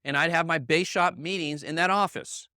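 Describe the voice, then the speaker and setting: A middle-aged man with a bright, forceful voice, a little higher than most men, driving home a motivational sales training. He hammers his points by repeating them, keeps checking in with the room, and turns to colleagues by name. The sound is close and dry. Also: normal speed, clear, resonant tone, no echo. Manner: emphatic, repeats himself, checks in with "okay?" and "right?". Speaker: sales team leader giving a training. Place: meeting room with a live audience.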